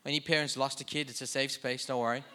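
A man's voice: mid-range voice, flat delivery, fast talker, pushed and bright. A young adult man preaching a sermon in a humorous, conversational, self-deprecating way. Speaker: pastor.

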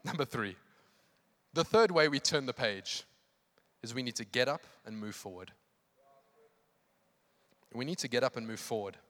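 A man's voice: mid-range voice, expressive, moderate pace, pauses often, fairly bright tone. A man preaching an evening church sermon, emphatic and impassioned, repeating phrases for effect. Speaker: pastor. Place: church hall. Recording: long hall reverb.

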